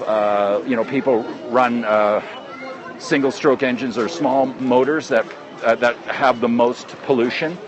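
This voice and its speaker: A man from Canada walks a crowded outdoor square while streaming on a handheld phone. He rambles in a friendly way, full of fillers and restarts. Clear traffic noise runs under his mid-pitched voice. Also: dull audio. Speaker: travel vlogger livestreaming. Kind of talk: casual live street broadcast. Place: busy outdoor city square. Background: crowd and motorcycles.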